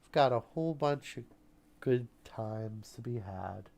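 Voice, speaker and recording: Slow, rambling man chatting on a stream. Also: medium pitch, expressive, vocal fry, darkish tone. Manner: rambling, halting, laughs often. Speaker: podcast co-host. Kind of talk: casual live-stream chat.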